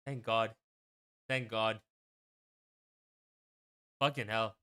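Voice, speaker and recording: Bright, crisp-voiced young man streaming. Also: lowish voice, fairly even intonation, extremely slow. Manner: rambling and swears often. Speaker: streamer hosting a watch party. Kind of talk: casual stream commentary.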